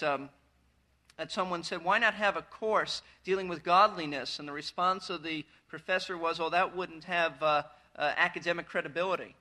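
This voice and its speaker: A man's voice: sits high, sharp tone. A man preaching a verse-by-verse sermon as pastor, earnest and emphatic, pressing his points harder as he goes.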